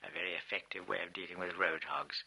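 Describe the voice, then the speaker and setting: Low, husky man reading a memoir. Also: fairly even intonation, quick pace, bright, forceful tone, rough recording. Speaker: audiobook narrator. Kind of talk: first-person memoir narration.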